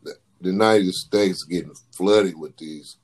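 A man's voice: deep voice, measured pace. A man in casual chat, talking in a laid-back, emphatic way.

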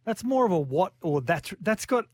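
A man's voice: sits high, very animated, normal speed, darkish tone, dry recording. A man co-hosting a sports radio show, blunt and dismissive in his banter. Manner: blunt, dismissive, grumbling rebuttals. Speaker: radio co-host. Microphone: studio mic.

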